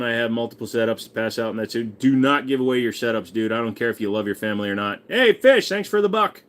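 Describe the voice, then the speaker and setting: A man's voice: mid-range voice, fairly bright tone. A man in his forties hosting a casual livestream, crudely joking and reading viewer messages aloud. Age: 40s. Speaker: livestream host.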